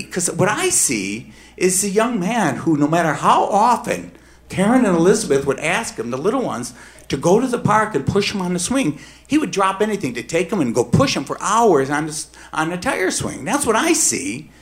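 A middle-aged man telling a personal true story on stage, emphatic and swinging between hushed and heated. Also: high-pitched, big pitch swings, a little fast.

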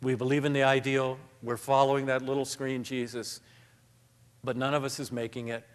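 A man talks onstage as a guest author, his voice ringing out with a long echo through a large hall. His pace is steady, and his delivery is reflective and self-deprecating. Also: mid-range voice, normal speed. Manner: thoughtful, self-deprecating, reads passages aloud. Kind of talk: live onstage conversation.

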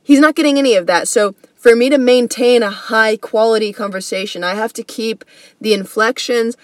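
A woman's voice: on the high side, moderate pace, no echo. A woman hosting a comedy podcast, telling a story in a slangy, earnest, casual way. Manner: slangy and earnest, says bro and dude.

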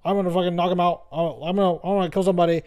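Man doing an angry fighter, fast, swearing, raised pitch. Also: fairly even intonation, darkish tone, close to an everyday voice. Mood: aggressive. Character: aggressive trash-talking male fighter.

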